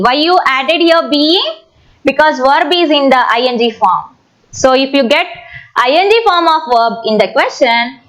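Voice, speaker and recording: Woman teacher, exam-prep grammar lesson, unhurried and repetitive, high animated pitch. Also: poor audio. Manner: slow, repetitive, stretches words when sounding out syllables.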